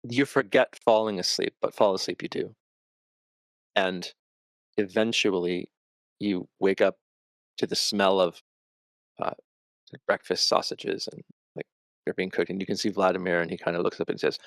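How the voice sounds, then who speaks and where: Low-voiced man narrating as game master. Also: fairly even intonation, no echo, studio quality. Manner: dramatic, measured narration.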